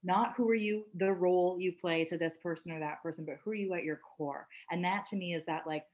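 A woman's voice: fairly low pitch, fairly quick, lo-fi sound. Emphatic, swearing woman coach. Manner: emphatic, swears freely, laughs often. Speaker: coach and podcast host. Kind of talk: casual podcast chat.

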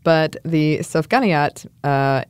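A woman's voice: low voice, takes it slowly, clear, resonant tone, no room sound. A woman co-hosting a podcast, reading out facts and quotes in a dry, easy manner. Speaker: podcast co-host. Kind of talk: casual chat reading facts.

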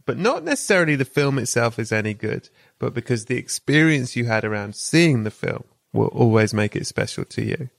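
A man's voice: mid-range voice, very animated, a little fast, creaky, few pauses, dry recording. A man hosting a podcast interview, asking questions in a dry, teasing way. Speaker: podcast host. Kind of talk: casual interview chat.

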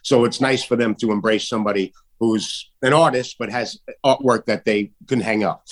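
A man, an artist guest talking in a casual, emphatic way, swearing often and jumping his voice high when he mimics others. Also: moderate pace. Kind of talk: casual political chat.

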